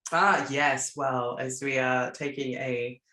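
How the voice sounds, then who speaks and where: A man's voice: medium pitch, steady tone, takes it slowly, sharp tone, roomy sound, a little hiss or hum. A man, joking cheekily and campily as a podcast co-host. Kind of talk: casual chat.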